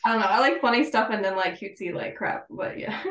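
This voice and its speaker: A woman's voice: medium pitch, very animated, fast talker, gravelly, a bit bright. A woman interviewer asking casual, hesitant questions packed with "like". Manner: hesitant, filler-heavy "like" phrasing. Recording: echoey room, distant from mic.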